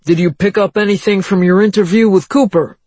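A narrator reading the lines of a male police lieutenant, brisk and businesslike, giving orders to an officer. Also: mid-range voice, fairly even intonation, darkish tone, no room sound, voice pushed up, natural voice.

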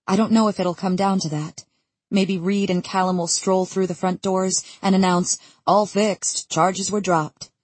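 A woman's voice: medium pitch, level tone, normal speed, darkish tone, no room sound. A woman reading a novel aloud in the first person, telling it with tense urgency into a close mic. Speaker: audiobook narrator. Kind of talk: first-person scripted narration.

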